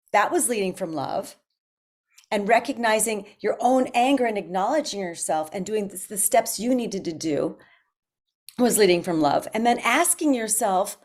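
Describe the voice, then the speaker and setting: Encouraging woman guest, mid-pitched. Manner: encouraging, earnest, emphatic. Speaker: guest coach. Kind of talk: casual conversation.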